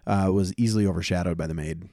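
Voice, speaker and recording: A man co-hosting a podcast in loose, joking conversation, his low voice carrying a gravelly edge. He rambles and throws in puns as he picks apart an old radio episode. The sound is dry and close to the mic. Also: steady tone, fast, mellow, no echo. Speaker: podcast co-host. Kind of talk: casual chat reviewing an old radio show.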